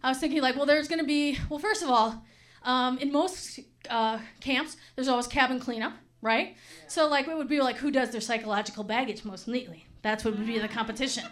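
A woman's voice: high voice, brisk. A woman doing a stand-up comedy set, chatty and laughing, with lots of "like" and "right?".

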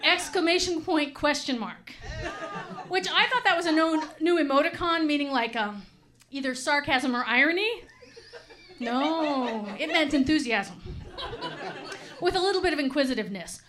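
Woman comic on stage, high voice, laughs a lot, says like and right constantly. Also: normal speed, a bit bright. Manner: chatty, laughing, full of "like" and "right?". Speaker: stand-up comedian. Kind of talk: stand-up comedy set.

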